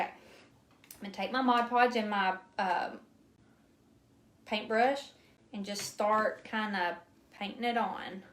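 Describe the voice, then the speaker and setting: A woman's voice: medium pitch, a bit bright. A woman hosting a casual live craft demo, chatty and self-deprecating, laughing often at her own mistakes. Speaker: crafting livestream host. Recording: echoey room with faint noise.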